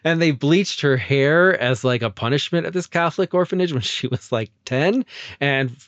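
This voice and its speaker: A man hosting a casual film podcast who laughs often and retells scenes with animated energy. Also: on the high side, moderate pace, no echo, dull audio. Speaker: podcast host.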